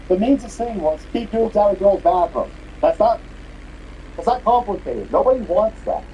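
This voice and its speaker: A man's voice: sits high, dark tone, lo-fi sound, slight background noise. A man hosting a podcast, delivering an angry, profane, mocking political rant. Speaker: podcast host.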